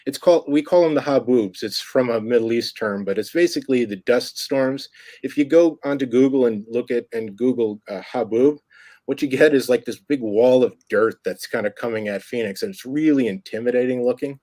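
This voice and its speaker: A man's voice: medium pitch, fairly quick, warm tone, no echo. A middle-aged man, a filmmaker guest, talking casually in a rambling way with many restarts. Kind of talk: casual interview chat.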